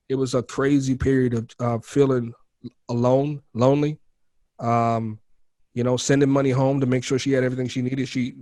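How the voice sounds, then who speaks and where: A man's voice: medium pitch, a little mellow, dry recording. A man with an everyday mid-range voice tells his story as a podcast guest, candid and slangy. He keeps calling the host bro and man, and the recording is close and dry with no room sound. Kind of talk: casual storytelling in an interview.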